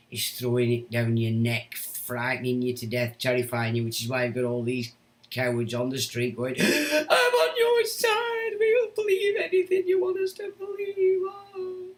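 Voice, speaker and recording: A middle-aged man hosting a livestream who rants about politics, reads out chat comments and swears as he taunts commenters. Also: medium pitch. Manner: ranting political monologue. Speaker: livestream host. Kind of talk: casual livestream talk reading chat.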